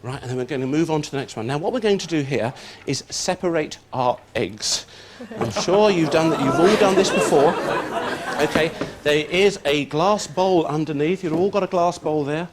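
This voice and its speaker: Upbeat man as a TV cooking-show chef, high voice, coaching contestants step by step; old broadcast with loud background noise. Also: normal speed, a crowd in the background. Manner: upbeat, encouraging step-by-step instructions. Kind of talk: hands-on cooking demonstration. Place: TV studio kitchen set.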